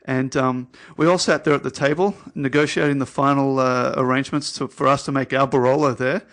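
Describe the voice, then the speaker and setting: Rambling storytelling man, mid-pitched. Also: fairly even intonation, brisk, fairly bright tone. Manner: rambling anecdotes with many "um"s and restarts. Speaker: winery owner, guest. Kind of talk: casual storytelling interview.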